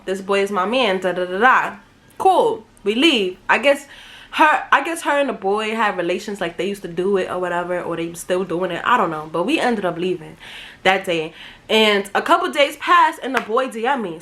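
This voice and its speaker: A young woman telling a casual storytime vlog, slangy and animated, acting out the people she quotes. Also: mid-range voice. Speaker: vlogger.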